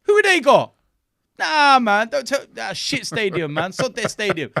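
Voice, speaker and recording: A man trading casual football banter on a podcast, jokey and animated. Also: very high-pitched, normal speed, creaky, dry recording, studio quality. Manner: animated, jokey trash talk with laughs. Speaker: podcast guest and fan pundit.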